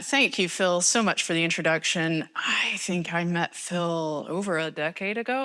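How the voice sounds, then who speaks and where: A woman's voice: medium pitch, sharp tone. An American woman, middle-aged, giving a conference talk on a stage mic in a large hall, chatty and rambling with self-deprecating asides. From United States. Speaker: conference speaker. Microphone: stage microphone.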